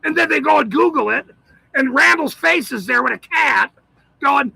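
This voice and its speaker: A man in a profane, shouting monologue, ranting as the host of his own channel. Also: very high voice, animated, normal speed, creaky, no echo, low-quality recording. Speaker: citizen auditor channel host.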